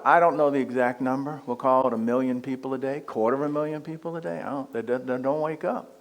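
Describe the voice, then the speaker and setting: A man giving a conversational spiritual talk as a guest speaker, joking and asking the audience questions. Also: medium pitch.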